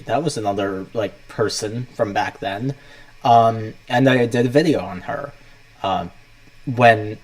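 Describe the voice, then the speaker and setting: A man's voice: on the low side, a little mellow, rough recording. A young man hosting a casual livestream, rambling loosely as he talks himself through setting things up.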